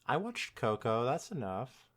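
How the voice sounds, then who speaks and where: A playful podcast co-host trades giggly banter during a fan fiction reading. The voice sits in a middle pitch and sounds bright and sharp. The pitch moves around a lot as they react and tease. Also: very animated, unhurried. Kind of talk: casual chat.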